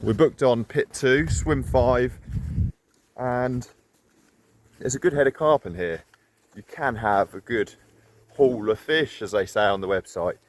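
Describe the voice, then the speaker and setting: A man's voice: medium pitch, measured pace, long pauses. A man, chatting casually and a bit breathlessly as he walks a lakeside for his fishing vlog. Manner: chatty and self-deprecating, rambling asides. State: slightly out of breath while walking. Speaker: carp fishing vlogger. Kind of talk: casual walk-and-talk vlog. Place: outdoors by a lake.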